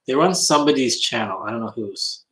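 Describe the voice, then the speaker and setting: A man's voice: mid-range voice, animated, fast, fairly bright tone, rough recording. A man on a casual livestream hangout, chatting and reading comments while he works, often muttering to himself.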